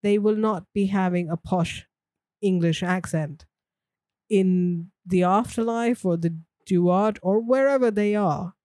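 A woman's voice: medium pitch, takes it slowly, mellow, dry recording. A woman co-hosting a podcast in casual chat, talking thoughtfully and laughing easily. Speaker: podcast co-host.

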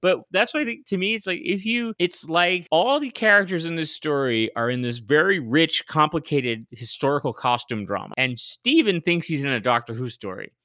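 A man co-hosts a casual podcast, talking in a bright, forward voice. He is animated, laughs often and acts out quoted lines. The sound is dry and close. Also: on the high side, moderate pace, hardly any pauses, dry recording. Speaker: podcast co-host. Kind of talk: casual chat.

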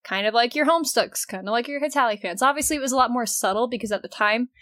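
A woman co-hosting a casual fan podcast, loud, teasing and excitable. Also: fairly high pitch, fast talker, no room sound. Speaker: podcast co-host. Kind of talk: casual chat.

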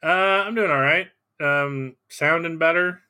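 A man's voice: a little high, a little slow. A man co-hosting a casual film podcast, talking loosely with many fillers. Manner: relaxed, hesitant, filler-heavy. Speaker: podcast co-host.

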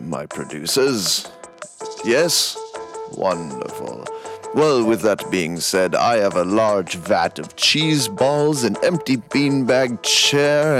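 A man reading listener comments in a dry, mock-formal, unexcitable way, drawn out and deadpan. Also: fairly low pitch. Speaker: player and mid-roll reader.

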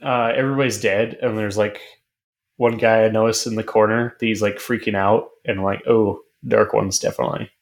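Low-voiced man, rambling podcast chat. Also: steady tone, a little fast. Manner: loose, rambling recap with frequent fillers and casual swearing. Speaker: podcast co-host. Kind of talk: casual chat.

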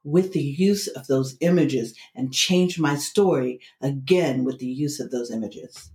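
A woman's voice: very deep voice, a little slow, dark tone. A middle-aged woman guest telling a personal story in a casual interview, acting out the voices of the people she quotes. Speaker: interview guest, tarot teacher. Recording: roomy echo.

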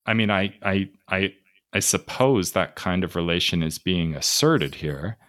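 A podcast host who asks probing questions about a poem, halting and correcting himself as he goes. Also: low voice, lively intonation, fairly bright tone. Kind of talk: casual podcast discussion of a poem.

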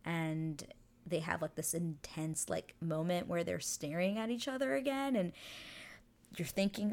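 A young woman giving a casual scene-by-scene recap of a TV episode, gushing, excitable and swearing freely. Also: lowish voice, measured pace.

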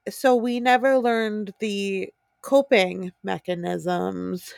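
A woman's voice: mid-range voice, fairly even intonation, slow pace, vocal fry, no room sound, studio quality. A woman co-hosting a podcast, speaking earnestly and supportively in casual conversation. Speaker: podcast co-host. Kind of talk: casual chat.

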